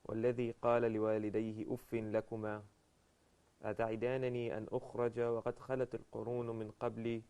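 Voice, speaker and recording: A man chanting a Quranic recitation in a steady, melodic way. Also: mid-range voice, rapid-fire, smooth. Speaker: reciter of scripture.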